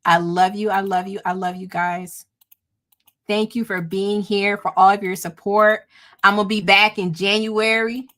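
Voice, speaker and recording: A woman's voice: mid-range voice, flat delivery, unhurried, fairly bright tone. Fervent woman praying aloud on a livestream. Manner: fervent, repeats "oh God" between phrases; emotional, close to tears. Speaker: livestream host. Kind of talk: spoken prayer and blessing.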